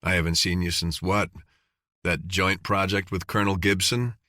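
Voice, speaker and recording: A man voicing a weary male lieutenant colonel who talks in a formal, steady officer's manner. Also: deep voice, normal speed, dry recording, studio quality.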